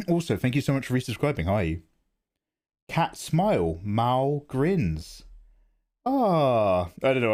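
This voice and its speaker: A man's voice: medium pitch, big pitch swings, unhurried, a little mellow. A man chatting casually with viewers while drawing on a livestream from his home setup. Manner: chatty, chats with viewers in the chat. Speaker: art streamer.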